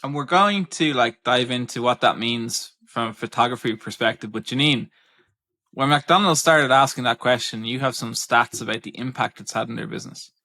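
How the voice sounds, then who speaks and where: A man's voice: medium pitch, moderate pace, bright, forceful tone. A man hosting a casual podcast, rambling with lots of fillers. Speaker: podcast host.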